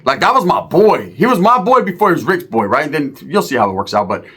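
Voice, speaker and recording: A comedian spins a crude family story, rambling and swearing. His voice is fairly high and moves up and down a lot. He ends his punchlines with a quick "right?". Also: big pitch swings, a bit bright, husky. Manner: profane, rambling, punchlines with tag questions.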